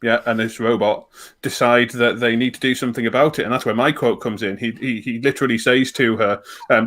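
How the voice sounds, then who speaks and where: A man's voice: mid-range voice, fairly even intonation, brisk, fairly bright tone. A man co-hosting a podcast in casual chat, recapping with wry, dry humor. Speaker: podcast co-host.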